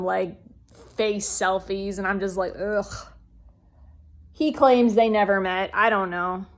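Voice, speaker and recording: A woman speaking bluntly to her viewers in a personal vlog, swearing freely and dropping to a hush at low points. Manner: talks straight to viewers. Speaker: vlogger.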